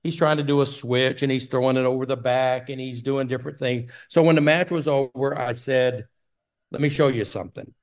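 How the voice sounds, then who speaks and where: A man's voice: mid-range voice, steady tone, brisk. An older man from Texas, a guest in an interview, telling long stories with many fillers. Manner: rambling storyteller with many fillers. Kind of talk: casual storytelling interview.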